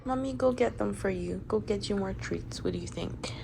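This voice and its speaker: A woman's voice: medium pitch, moderate pace, gravelly, hardly any pauses, phone-quality sound, background noise. A woman vlogging at home as a stay-at-home mom, talking to her dogs in doting baby talk. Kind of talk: casual vlog narration. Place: home indoors.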